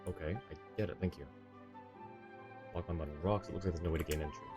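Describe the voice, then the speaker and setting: A tired man casually commenting on a video game as he plays, laid-back and thinking out loud, with chuckling asides. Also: low voice, fast talker, over music. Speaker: streamer.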